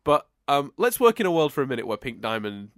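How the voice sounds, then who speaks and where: A man's voice: medium pitch, very animated, fast talker, fairly bright tone, dry recording. Man, podcast co-host, casual chat, rambling restarts, dry close mic. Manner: rambling, many restarts, laughs often.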